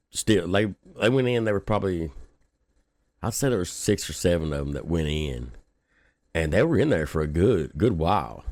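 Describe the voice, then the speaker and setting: Deep-voiced man telling a story. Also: darkish tone, dry recording, studio quality. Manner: laid-back, profane, laughs often. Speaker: local news podcast host. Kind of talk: casual storytelling.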